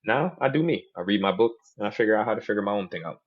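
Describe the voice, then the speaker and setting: A man's voice: lowish voice, expressive, racing, breathy edge, dull audio. A man hosting a podcast in casual chat, telling stories animatedly and mimicking other people's voices in quotes. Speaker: podcast host.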